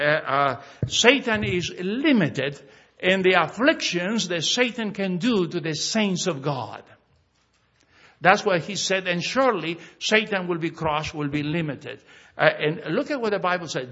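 Pastor preaching, bright husky voice, slow punchy scripture reading, lots of uhs. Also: male voice, high voice, dull audio. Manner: slow emphatic scripture reading, many fillers and restarts. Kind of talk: sermon.

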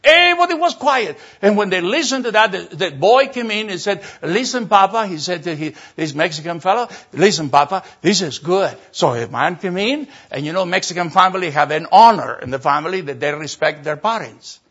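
Animated husky older male preacher. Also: high voice, a little fast, hardly any pauses. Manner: animated, acts out voices and laughter. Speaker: pastor. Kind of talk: sermon storytelling. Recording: dull lo-fi sermon recording.

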